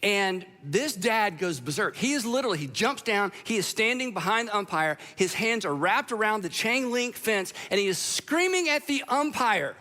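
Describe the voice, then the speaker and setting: A man preaches in a high, bright voice, turning the sermon into relaxed, conversational storytelling. He pokes fun at himself as he goes. His tone stays light and easygoing. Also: moderate pace, few pauses. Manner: conversational storytelling with self-deprecating humor. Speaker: pastor. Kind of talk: sermon to a live audience.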